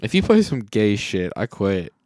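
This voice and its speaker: A man co-hosting a podcast in casual chat, teasing his friend with crude jokes and quick interjections. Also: on the low side, big pitch swings. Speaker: podcast co-host.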